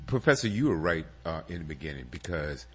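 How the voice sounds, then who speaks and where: A man's voice: extremely low pitch, big pitch swings, brisk, slightly rough. A man hosting a radio music show, bantering in a jokey, theatrical way and laughing easily. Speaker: radio host.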